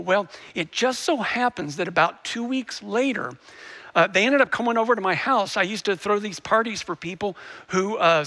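A man's voice: high-pitched, pushed and bright. A male pastor preaching a sermon, earnestly telling a story and often restarting his sentences.

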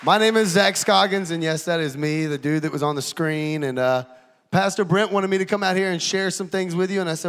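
Energetic guy telling his testimony, twang, jokey, church reverb. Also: fairly high pitch, a little fast, smooth. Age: 30s. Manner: energetic, jokey, casual preacher talk. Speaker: guest speaker giving a testimony. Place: church auditorium.

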